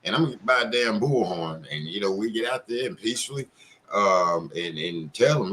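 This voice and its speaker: A man's voice: fairly low pitch, animated, moderate pace, bright, forceful tone, slight background noise. A man hosting an online panel show, talking in a heated, blunt, rambling way and swearing freely. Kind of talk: heated casual panel talk.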